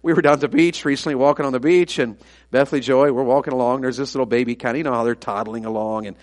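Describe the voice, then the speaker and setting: A man's voice: mid-range voice, steady tone, fast talker. A middle-aged man, an evangelist preaching a sermon full of folksy, self-deprecating family stories.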